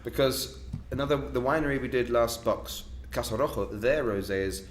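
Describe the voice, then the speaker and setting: A man's voice: mid-range voice, normal speed, reverberant, slight background noise. A man co-hosting a casual online wine tasting, a jokey, chatty storyteller. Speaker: wine shop co-host.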